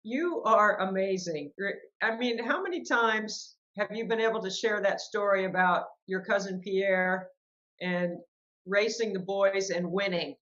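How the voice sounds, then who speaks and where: A woman's voice: medium pitch, unhurried, fairly bright tone. Woman host, enthusiastic, encouraging, dull lo-fi recording. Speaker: podcast host. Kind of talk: casual interview.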